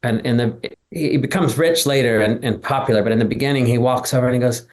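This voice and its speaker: A man's voice: medium pitch, fairly quick, darkish tone. Man telling rambling set stories. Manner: rambling anecdotes, acts out quoted dialogue. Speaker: guest, former background actor. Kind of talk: casual interview storytelling.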